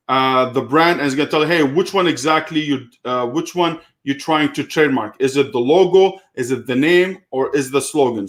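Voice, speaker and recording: A man's voice: on the high side, a bit bright. A man talking casually through a step-by-step online seller tutorial, with frequent fillers and a heated edge. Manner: casual, many fillers, gets heated retelling a call. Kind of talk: screen-share tutorial with live Q&A.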